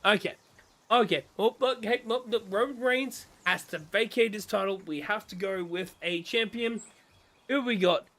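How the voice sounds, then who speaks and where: On a relaxed game stream, a man speaking at normal speed in a voice that sits high launches into a passionate wrestling rant. He throws in excited impressions of other people's reactions.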